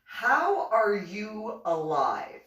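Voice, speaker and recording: A blunt male army sergeant, as a woman quotes him in her story, firing off brusque questions in a lowered, slow voice. The sound is roomy, with the mic set some way off. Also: very animated, fairly bright tone. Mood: questioning. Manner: brusque, interrogating. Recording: roomy echo, mic at a distance.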